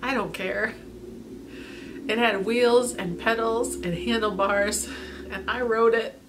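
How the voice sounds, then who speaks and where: A woman's voice: on the high side, fairly even intonation, slow pace, background noise. A woman recording a personal video diary, talking emotionally and tearfully with frequent laughter, rambling with lots of fillers. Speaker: vlogger.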